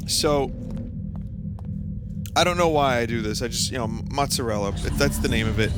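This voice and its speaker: A man with a thick New York accent chats casually while he plays a game on stream, drifting into long, profane stories and restarting his sentences. His voice sits at an ordinary middle pitch. Loud game music plays under everything he says. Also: moderate pace. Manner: rambling, profane storytelling with many restarts. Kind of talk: casual gameplay commentary.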